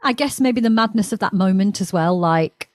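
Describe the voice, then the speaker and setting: A woman's voice: medium pitch, moderate pace. A woman co-hosting a podcast, chatting casually and thinking aloud about a TV show. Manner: rambling, thinks aloud with restarts. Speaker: podcast co-host.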